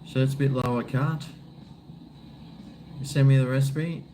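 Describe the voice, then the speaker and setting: A man's voice: mid-range voice, steady tone, normal speed, warm tone, slight background noise. A middle-aged Australian man chatting casually on a live stream while drinking beer, rambling, joking and swearing freely.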